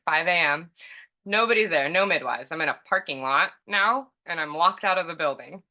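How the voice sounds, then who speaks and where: A woman's voice: low-pitched, pushed and bright. A young adult woman from California, a podcast guest telling a personal story casually, chatty with many fillers and frequent laughs.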